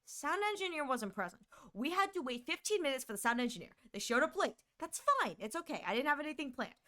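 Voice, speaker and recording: A woman who streams and does voice acting tells a story into a condenser mic, casual, animated and exasperated. Her high voice swings between quick bursts and drawn-out words.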